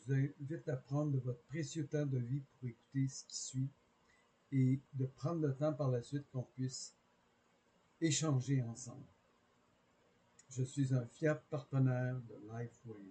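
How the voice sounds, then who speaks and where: Sincere man with a mellow voice. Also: medium pitch, steady tone, normal speed, long pauses, rough recording. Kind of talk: short spoken introduction.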